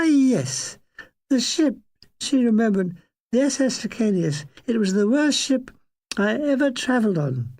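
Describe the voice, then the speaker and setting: Older male narrator, slow and gravelly, dry deadpan delivery of a comic memoir. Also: high-pitched. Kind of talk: reading a comic memoir aloud.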